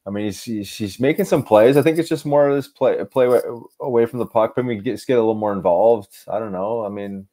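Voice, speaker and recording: A man's voice: on the low side, a little fast, hardly any pauses, dark tone. A man co-hosting a podcast in casual chat, laid-back and trailing off at the ends of thoughts. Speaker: podcast co-host.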